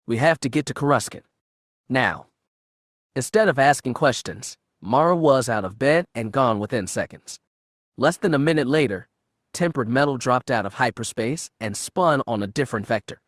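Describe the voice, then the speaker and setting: A man's voice: mid-range voice, animated, normal speed, no echo. Dry, close male audiobook narrator. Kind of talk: audiobook narration of fan fiction.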